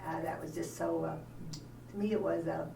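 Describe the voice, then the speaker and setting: An older woman from Canada shares a memory in a halting, hesitant way, her low voice gravelly with fry. She is heard from some distance in a roomy space, with clear noise behind her. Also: steady tone. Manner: hesitant, many ums and uhs. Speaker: audience member. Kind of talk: casual storytelling. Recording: roomy sound from far off, noisy.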